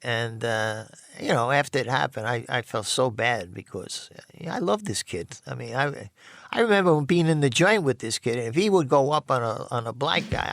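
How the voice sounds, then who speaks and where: An older man casually telling his own rough life story, blunt and profane, rambling with many restarts. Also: medium pitch, expressive, moderate pace, a bit bright, no echo, studio quality, soft background music.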